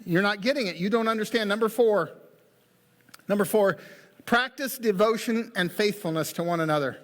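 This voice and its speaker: Male pastor, high voice, folksy preaching, long church reverb. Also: normal speed. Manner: folksy, joking asides. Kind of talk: sermon. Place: church sanctuary.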